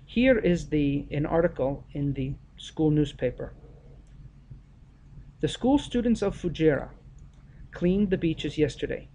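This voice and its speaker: A male teacher giving an explanatory grammar lesson, speaking deliberately and stressing the key words of example sentences. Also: on the high side, animated, mellow, a little hiss or hum.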